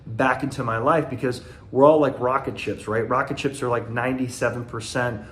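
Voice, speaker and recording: A man's voice: mid-range voice, fairly even intonation, brisk, a bit bright. Earnest man in his forties giving a motivational talk. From Southern United States. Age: 40s. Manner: earnest, conversational, loose and rambling. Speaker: motivational speaker. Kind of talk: casual motivational talk to camera.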